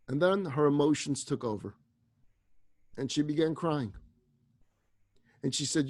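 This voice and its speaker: A man, a rabbi, telling a story in a sermon, shifting dramatically between hushed and loud. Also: fairly high pitch, a little slow, long pauses, dry recording.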